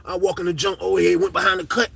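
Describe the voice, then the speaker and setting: A man telling a comedic story in casual, slangy talk, swinging from hushed to loud. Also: sits high, flat delivery, fast talker, vocal fry.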